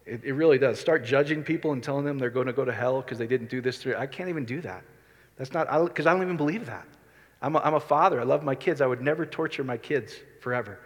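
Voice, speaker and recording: Man, pastor, conversational sermon, asks the crowd questions, mid-pitched voice, echoing hall. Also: fast. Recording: reverberant hall.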